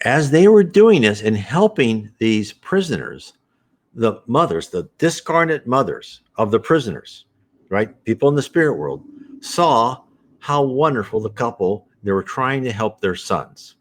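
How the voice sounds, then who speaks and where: A man's voice: medium pitch, big pitch swings, a little slow. A man hosting a spiritist program, talking casually and rambling with many restarts. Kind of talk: casual spoken commentary.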